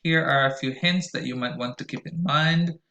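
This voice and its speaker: A man's voice: mid-range voice, moderate pace, vocal fry, sharp tone, lo-fi sound. Man teaching pronunciation in an echoey room. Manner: careful, explanatory, with frequent "uh" and "um" fillers. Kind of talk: recorded classroom lesson.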